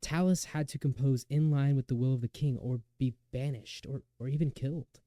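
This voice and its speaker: A young man narrating a lecture recital in an earnest, measured way, with occasional restarts. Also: medium pitch, fairly even intonation, warm tone, dry recording. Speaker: student lecturer.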